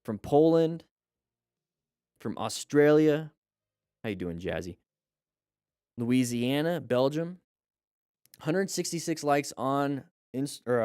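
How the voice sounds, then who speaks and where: A man's voice: mid-range voice, mellow, clear, resonant tone, no echo, clean studio sound. Upbeat man hosting a livestream. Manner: upbeat, chatty, reads out viewer names and comments. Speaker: motorcycle riding instructor and livestream host. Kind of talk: casual livestream chat greeting viewers.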